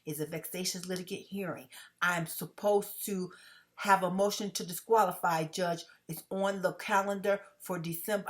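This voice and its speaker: A tired woman talking fast and emphatically to her viewers in a casual vlog monologue, often checking in with "okay?". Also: lowish voice. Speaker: vlogger.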